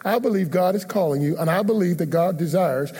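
A male pastor with a high, mellow, slightly husky voice gives an earnest sermon altar call, pleading with listeners again and again to come forward. His words carry a long echo, as if he is in a large church hall. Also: brisk. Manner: earnest, repetitive pleading invitations. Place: church sanctuary.

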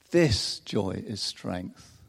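A man preaching a sermon in an unhurried, expressive way, chuckling often between phrases. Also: fairly low pitch, gravelly, breathy edge. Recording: long reverb of a large hall.

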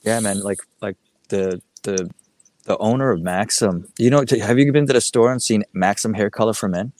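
A man's voice: lowish voice, moderate pace, a little mellow. A middle-aged man from the American Midwest telling a rambling story as a guest, full of "like" and "you know" with many restarts. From Midwest United States. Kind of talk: casual storytelling interview.

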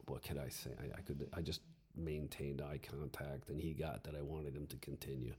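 A man's voice: a bass voice, normal speed, breathy edge. A man and former schoolteacher telling a true story aloud, acting out his own lines in the dialogue. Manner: animated, quotes himself in dialogue. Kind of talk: storytelling narration.

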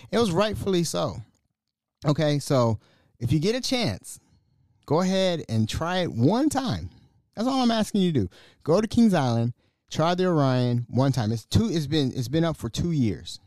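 Excitable man with a dark, dry voice. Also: fairly high pitch, moderate pace, no room sound. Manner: excitable, repeats and restarts words. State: slightly raspy from screaming. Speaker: podcast host. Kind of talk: casual solo podcast monologue.

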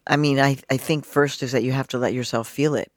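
A woman in her fifties from Mexico, a journalist, telling a personal story in an interview with an animated, expressive delivery. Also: extremely low pitch, a little fast, dry recording, clean studio sound. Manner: animated, expressive, acts out quotes. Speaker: journalist and guest.

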